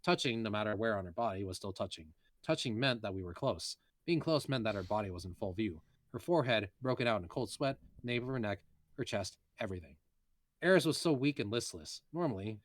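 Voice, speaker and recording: A man's voice: on the low side, dry recording. A man, a voice actor, reading a light novel aloud in a casual way, with muttered asides and self-corrections.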